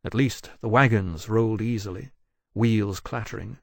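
A man narrating an audiobook in a measured, steady way. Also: fairly low pitch, vocal fry, no room sound.

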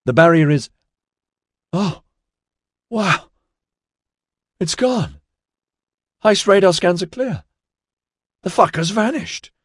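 A man voicing an excited male sensor officer who reports in fast, rising, breathless exclamations. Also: sits high, breathy edge, dry recording, clean studio sound, voice pushed up, heavily acted. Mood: thrilled.

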